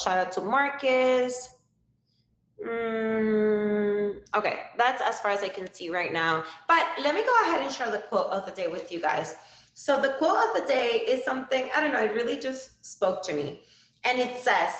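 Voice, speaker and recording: A woman's voice: fairly high pitch, animated, unhurried, a bit bright, roomy sound, muffled recording. A woman hosting a casual live-stream talk show, upbeat and chatty with lots of fillers. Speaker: livestream show host.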